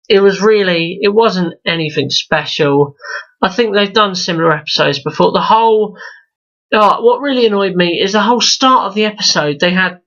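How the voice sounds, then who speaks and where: Male reviewer: bright, sharp voice, rambling rant full of restarts and swearing. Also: high-pitched. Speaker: video reviewer. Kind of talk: opinionated casual rant. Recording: dull lo-fi recording.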